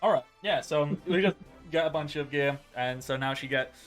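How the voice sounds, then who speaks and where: Man running a tabletop game, higher voice. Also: faint music behind. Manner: casual, voices NPCs in quick asides. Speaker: game master.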